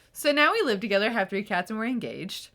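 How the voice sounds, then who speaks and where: A woman's voice: on the high side, moderate pace. A woman in her late twenties, co-hosting a podcast, chatting casually with her best friend and recounting how she met her partner. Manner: relaxed, conversational, with frequent "like" and short backchannels. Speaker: podcast co-host. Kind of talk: casual chat between friends.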